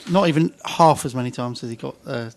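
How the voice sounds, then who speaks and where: A man's voice: mid-range voice, brisk. A man co-hosting a sports podcast, answering quiz questions with dry, teasing asides. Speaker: podcast co-host. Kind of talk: casual chat.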